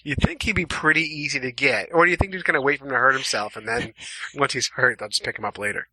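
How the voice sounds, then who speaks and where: A man's voice: mid-range voice, quick pace, breathy edge, no echo. A man co-hosting a casual podcast, joking and telling stories, acting out what others said. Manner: jokey, animated storytelling, acts out quotes. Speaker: podcast co-host.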